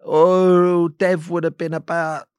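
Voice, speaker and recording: A man's voice: level tone, slow, a little mellow, smooth, no echo, studio quality. Older man telling stories. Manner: anecdotal, chuckling, drops to low asides. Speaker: podcast guest, former footballer. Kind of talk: casual storytelling chat.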